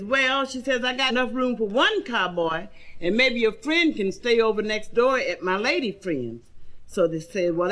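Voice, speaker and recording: A woman's voice: medium pitch, fairly bright tone. A woman stand-up comedian telling raunchy jokes, drawling through the stories and squealing when she acts out the characters, on a 1970s comedy record. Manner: bawdy, drawling storyteller with squealing acted voices.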